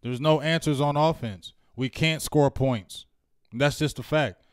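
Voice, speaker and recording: A man's voice: on the high side, a little slow, clean tone, no echo, studio quality. A man co-hosting a postgame fan chat, venting with frustration and growing emphatic. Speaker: co-host.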